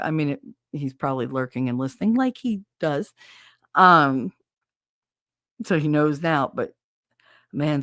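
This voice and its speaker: A woman with a Southern accent hosts a casual podcast chat, talking frankly and profanely and laughing often. Her voice is low with a fairly bright tone, captured in clean studio sound with no echo.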